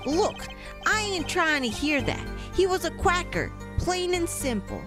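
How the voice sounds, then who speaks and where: A woman's voice: very high voice, very animated, unhurried, over music, pitched above the performer's own voice, heavily acted. A woman voicing a boastful young male gangster with slangy, swaggering talk, reading game dialogue aloud. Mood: defiant. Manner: slangy swagger, clumsy tough-guy talk.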